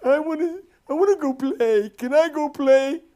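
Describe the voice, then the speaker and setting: A man's voice: very high voice, moderate pace, dark tone, voice pushed up. A man doing a whiny grown employee. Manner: whining, childish pleading. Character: whiny grown male employee acting like a child.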